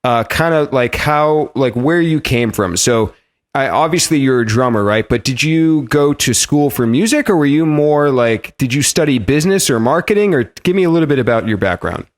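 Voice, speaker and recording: A man's voice: medium pitch, moderate pace. A man hosting a podcast, introducing his guest and asking questions in a chatty, casual way. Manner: lively, chatty, with fillers and restarts. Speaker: podcast host.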